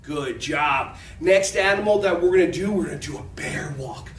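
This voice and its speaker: High, upbeat man coaching kids. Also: moderate pace. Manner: upbeat, playful, coaxing, with animal sound effects. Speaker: children's fitness instructor. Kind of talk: leading a kids' movement class. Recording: roomy echo, from a distance.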